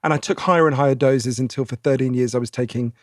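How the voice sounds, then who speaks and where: A man in his forties with a posh British accent, answering interview questions in a chatty, animated way, laughing often and restarting his sentences. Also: medium pitch, fast talker, dry recording, studio quality. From Britain. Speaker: guest author.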